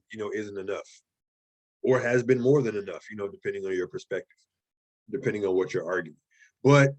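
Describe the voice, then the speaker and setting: A man in the middle of a classroom lecture on writing, talking in a loose, conversational way. He repeats key questions and keeps checking in with his students, tossing in "right?" and "okay?" as he goes. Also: mid-range voice. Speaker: writing instructor.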